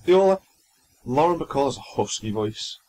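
A man's voice: mid-range voice, expressive, moderate pace, dark tone, low-quality recording. A young man co-hosting a podcast, chatting casually and rambling through stories with frequent restarts. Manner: chatty, rambling, stumbles and restarts while recounting news. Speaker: podcast co-host. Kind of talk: casual chat.

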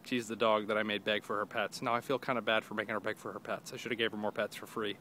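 A young man vlogs while strolling through a neighborhood, phone held at arm's length, chatting casually with jokes, rambling, and mock quoted voices. He speaks quickly in a fairly low, bright, forceful voice with little pitch movement, over slight background noise.

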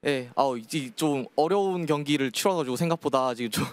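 Male player from Korea, very fast, emotional answers. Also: fairly high pitch, clear, resonant tone, no echo. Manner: emotional, laughing. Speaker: professional player. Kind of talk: post-match interview answers.

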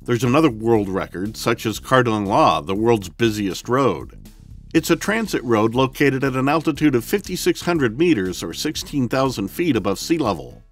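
A man giving scripted documentary narration, measured and explanatory, speaking directly to the viewers. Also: medium pitch, very animated. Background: faint background music.

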